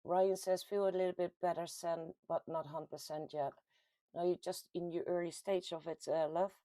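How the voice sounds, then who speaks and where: A woman from the Netherlands with a Dutch accent hosts a casual livestream, reading out viewer comments in a chatty, giggly way with sudden lively jumps in pitch. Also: normal speed, dry recording. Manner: chatty and giggly, with frequent laughs and ums. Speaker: host of a paranormal community livestream.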